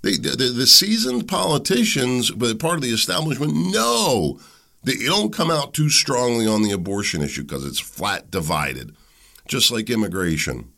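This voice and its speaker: A man's voice: medium pitch, normal speed, vocal fry. A man hosting a political talk show, giving a blunt, opinionated monologue with frequent restarts. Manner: animated, blunt, with frequent restarts and mock voices.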